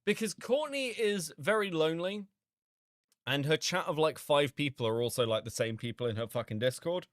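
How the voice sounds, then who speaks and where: Lively-pitched sarcastic male commentator. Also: normal speed, no echo, clean studio sound. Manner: sarcastic, incredulous, swearing a lot. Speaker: commentary host. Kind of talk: reaction commentary.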